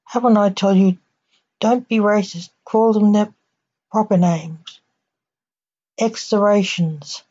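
A woman's voice: mid-range voice, fairly even intonation, slow, long pauses, dark tone, lo-fi sound. Woman doing a stern assassin father.

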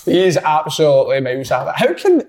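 A man's voice: fairly high pitch, huge pitch swings, fast talker, a little mellow. A man co-hosting a podcast, emphatic in casual banter. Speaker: podcast co-host.

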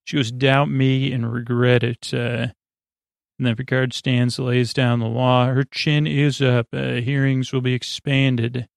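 Rambling man with a gravelly voice. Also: medium pitch, little pitch movement, no room sound, clean studio sound. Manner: meandering, halting delivery with many "uh" fillers. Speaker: podcast host. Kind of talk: rambling episode recap for sleep.

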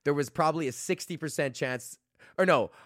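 A man in his thirties with a fairly high-pitched voice hosts his own podcast and rants casually. He rambles, swears freely and mocks himself, breaking into laughter along the way. The sound is close and dry on a podcast microphone. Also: brisk, dry recording. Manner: rambling, profane, self-mocking, laughs often. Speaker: podcast host and comedian. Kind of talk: casual solo rant.

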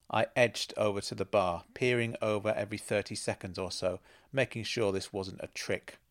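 A man's voice: fairly low pitch, steady tone, moderate pace, hardly any pauses. A man reading first-person narration in a wry, understated way.

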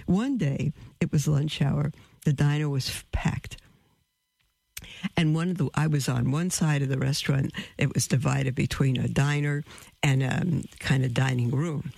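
A woman hosting a call-in radio show, telling stories in an animated way and acting out the voices of the people in them. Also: sits low, creaky, breathy edge, dry recording. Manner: animated, acts out quoted voices, laughs often.

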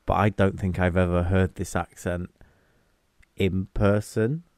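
Slow, low-voiced man chatting. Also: little pitch movement, a little mellow, dry recording, studio quality. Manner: chatty, wry, thinks aloud with fillers. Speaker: podcast co-host. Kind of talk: casual film discussion.

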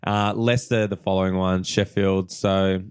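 A man hosting a casual football podcast, chatty and quick to laugh. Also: sits low, flat delivery, smooth, no echo, studio quality. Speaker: podcast host.

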